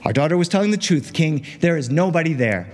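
A man's voice: on the high side, expressive, fast talker, big-room sound, close to an everyday voice. A man voicing a formal, commanding queen in a fairy tale.

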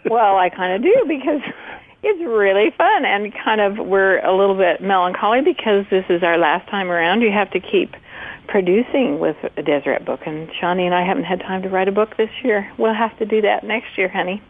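A woman's voice: mid-range voice, a little fast. A woman co-hosting a radio talk show, chatting with enthusiasm and easy laughter. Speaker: radio co-host. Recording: phone-like lo-fi radio audio.

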